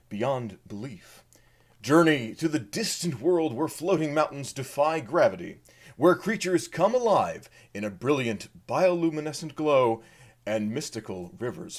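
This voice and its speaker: Guy doing a big movie trailer announcer voice, slow and grand. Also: a little high. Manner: slow, grand, sweeping delivery. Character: dramatic adult male movie-trailer announcer.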